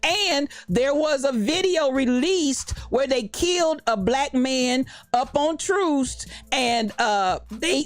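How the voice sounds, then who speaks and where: A woman's voice: high-pitched, no room sound. A woman from Kansas City hosting a podcast livestream, talking with passion about current events and greeting people in the live chat. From Kansas City, USA. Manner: passionate, preachy, talks back to live chat. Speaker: podcast host.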